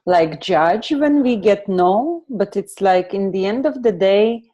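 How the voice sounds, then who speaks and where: A woman's voice: mid-range voice, animated, takes it slowly, mellow. A woman hosting a workshop, affirming her guest enthusiastically. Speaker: workshop host. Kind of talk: casual chat.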